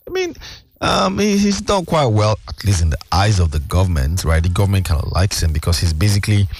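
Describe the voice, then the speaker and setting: A man's voice: deep voice, very animated, brisk, slightly rough. A man, a guest explaining financial news at length in casual chat, with many fillers. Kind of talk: casual radio-style chat.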